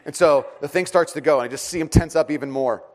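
A man in his thirties preaching a sermon as a pastor, telling a family story in a lively way and laughing often. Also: on the high side, fast talker.

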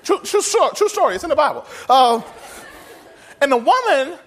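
A man preaching a sermon in a folksy, humorous, animated way. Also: very high-pitched, moderate pace, slight background noise. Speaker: pastor.

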